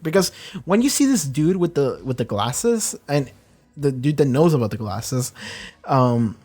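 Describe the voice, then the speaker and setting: A man chatting through a show review in a loose, rambling flow. He swears freely and gets worked up, with a mid-range voice that is neither high nor low. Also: a little slow. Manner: rambling, profane, excitable. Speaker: reaction video host. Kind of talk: casual reaction and review chat.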